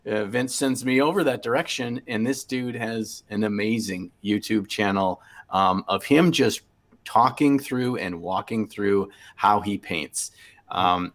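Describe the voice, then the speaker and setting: A man's voice: on the low side, creaky, fairly bright tone. A man guest on a podcast, telling a story in an easygoing way and laughing often. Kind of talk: casual chat.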